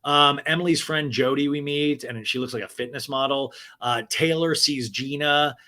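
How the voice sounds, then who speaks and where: A man hosting a podcast, recapping a reality show in an animated, gossipy and profane casual chat. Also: medium pitch, moderate pace. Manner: animated, gossipy, profane, laughs at own jokes. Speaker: podcast host.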